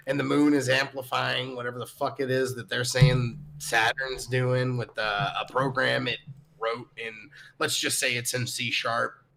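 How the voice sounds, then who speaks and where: A man's voice: medium pitch, vocal fry, sharp tone, slight background noise. A man co-hosting a podcast, chatting casually in a rambling, profane way with frequent laughs. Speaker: podcast co-host. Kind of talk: casual chat.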